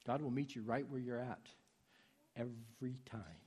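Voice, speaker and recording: A man preaching a sermon in a husky voice, swinging from soft pleading to loud urging. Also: mid-range voice, steady tone, moderate pace.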